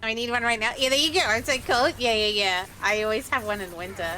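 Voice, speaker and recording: A woman's voice: fairly high pitch, quick pace, pushed and bright. A woman streamer chatting casually and swearing freely while she plays a game.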